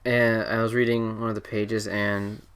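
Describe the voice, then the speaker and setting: A man's voice: lowish voice, level tone, moderate pace, fairly bright tone, clean tone. A teenage boy hosting a casual podcast chat, rambling and joking with lots of fillers and restarts. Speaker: podcast host.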